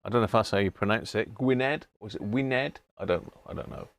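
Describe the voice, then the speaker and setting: Gravelly man chatting live. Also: on the low side, quick pace, a bit bright, slight background noise. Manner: chatty, answers viewer comments by name; stumbles over unfamiliar words. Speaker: livestream host. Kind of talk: casual live chat.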